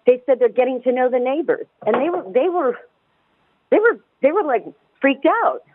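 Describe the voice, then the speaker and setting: A woman calling in to a radio talk show, speaking fast and emphatically and often restarting her words. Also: sits high, slight background noise. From United States. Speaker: caller. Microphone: telephone. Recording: tinny phone line, dry.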